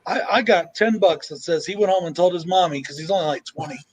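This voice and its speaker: A man with a high, light voice sits on a casual livestream video call, swearing freely and venting in long, worked-up stories. He sounds like he is talking with friends. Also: fast, rough recording. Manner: profane, ranting. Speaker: livestream panelist. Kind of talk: casual group chat.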